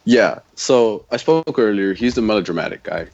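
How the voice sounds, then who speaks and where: A man with a very low voice talks through films in a loose, rambling way, leaning on fillers. The audio is dull and lo-fi. It feels like a relaxed podcast chat between friends. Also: moderate pace. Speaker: podcast co-host. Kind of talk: casual film chat.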